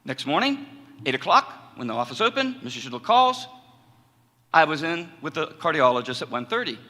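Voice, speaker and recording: A man's voice: fairly high pitch, a little fast. A middle-aged man, a communication professor, giving a conversational personal testimony to a college audience in a chapel hall. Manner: storytelling, animated and conversational.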